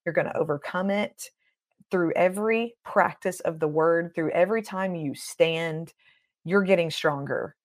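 Middle-aged woman minister on a podcast, a little low-pitched, urges listeners in a fervent preaching manner. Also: unhurried. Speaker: guest minister. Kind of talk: podcast interview.

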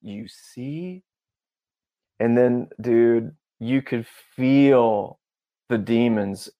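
A man as a podcast guest, telling a story in a casual, animated way and acting out the dialogue. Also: medium pitch, very slow, muffled recording. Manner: animated, acts out dialogue, peppers talk with "bro" and "dude".

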